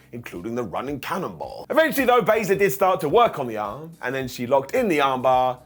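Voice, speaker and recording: A man's voice: a little high, husky. A man reviewing a wrestling show in a casual, sarcastic recap, acting out quotes in funny voices.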